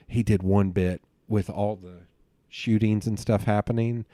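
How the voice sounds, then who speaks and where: A male podcast host with a fairly low voice, chatting casually and tumbling from one tangent to the next. His voice is close and dry, with no room around it. He tells stories with eager, meandering energy. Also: unhurried, no room sound. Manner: rambling, excitable storyteller who jumps between tangents. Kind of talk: casual conversational interview.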